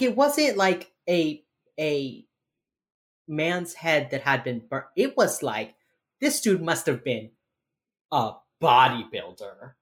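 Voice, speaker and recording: A woman co-hosting a podcast, casually recapping a TV episode with animated storytelling and playful reactions. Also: deep voice. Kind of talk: casual chat.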